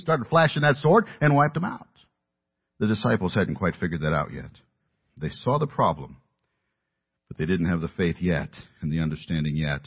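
A man's voice: medium pitch, slightly rough. A man preaching an earnest sermon, stressing key points and building to emphatic peaks. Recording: dull lo-fi audio.

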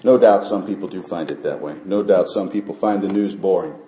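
A male pastor delivers an earnest sermon in a low, mellow voice. He builds his points up to emphatic peaks. The sound rings around an echoey church sanctuary. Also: brisk.

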